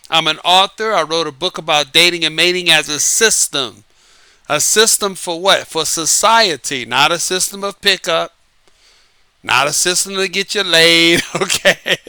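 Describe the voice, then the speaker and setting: A man hosting his own show as an author, giving a casual, lively monologue, repeating himself and laughing often. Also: high-pitched, clear, resonant tone, dry recording. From United States. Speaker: podcast host and author. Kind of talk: casual late-night monologue. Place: Southern California.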